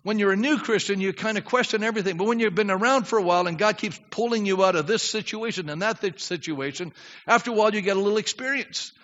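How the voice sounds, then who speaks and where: Older guy preaching, high bright voice, big echoey church, bit muffled. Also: fast talker. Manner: animated preaching, acts out prayers, drops low then shouts. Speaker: pastor. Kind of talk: sermon. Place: church sanctuary. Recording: dull reverberant church recording.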